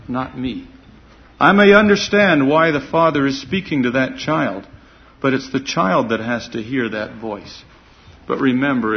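A man preaching a sermon in an earnest, emphatic way, swelling on key words. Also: medium pitch. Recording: muffled lo-fi recording.

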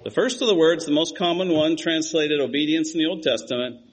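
A middle-aged man delivers a sermon with a voice pitched somewhat high for a man. He talks in an animated, emphatic way, climbing high when he stresses a point. Then he drops low and soft for his side remarks. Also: a little fast, low-quality recording. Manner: animated, emphatic, swings between high urgent stress and low quiet asides. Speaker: preacher.

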